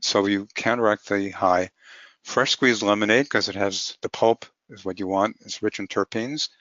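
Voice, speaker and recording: A man's voice: lowish voice, moderate pace, a bit bright, no echo. A man presenting a webinar lecture as a physician, talking plainly through clinical cases step by step. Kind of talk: webinar lecture on cannabis medicine. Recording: muffled lo-fi webinar audio.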